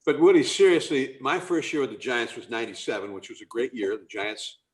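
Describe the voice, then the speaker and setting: A man of middle pitch hosts the chat, building his questions slowly and padding them with fillers. His manner is relaxed and conversational. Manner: meandering questions padded with fillers. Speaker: broadcaster, host.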